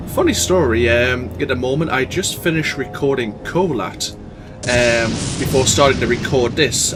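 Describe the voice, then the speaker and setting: A man hosts a let's play in a casual, rambling way, full of asides and small fillers. His voice sits at an ordinary middle pitch. A faint hiss runs under the commentary.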